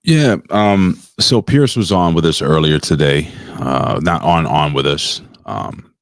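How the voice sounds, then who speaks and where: Male co-host, very low voice, dry close sound, halting and emotional. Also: animated, creaky, no echo. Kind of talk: casual livestream chat.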